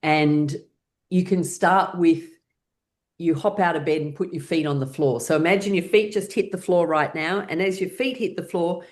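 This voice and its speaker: A woman's voice: fairly low pitch, moderate pace, a little mellow. A woman instructor guiding a laughter exercise class, talking through everyday routines and bursting into rhythmic laughter. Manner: cheerful, coaching, breaks into rhythmic ha-ha laughter.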